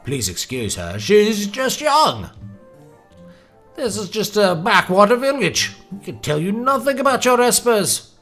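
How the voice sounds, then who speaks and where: A man voicing a soft-spoken, apologetic village woman from a role-playing video game. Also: high voice, big pitch swings, a little slow, faint music behind, pitched above the performer's own voice, heavily acted. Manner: reading game dialogue aloud in a mild put-on voice.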